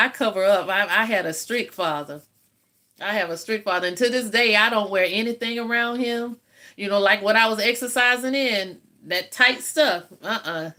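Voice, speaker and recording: A woman's voice: medium pitch, pushed and bright. Chatty woman in her fifties. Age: 50s. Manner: chatty, laughs often, folksy storytelling. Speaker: livestream host. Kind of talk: casual live chat with viewers.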